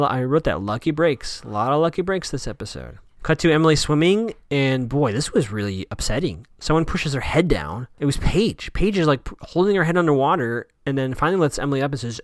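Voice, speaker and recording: A man's voice: mid-range voice, no room sound. Male podcast host, casual recap, mid voice, dry close mic, acts out quoted lines. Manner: chatty, retells scenes with quoted lines.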